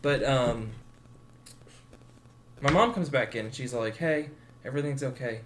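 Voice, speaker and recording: A man in his twenties co-hosts a podcast, telling a story in a laid-back way and acting out its characters with swearing and laughter. His medium-pitched voice is unhurried, with a little hiss or hum in the recording.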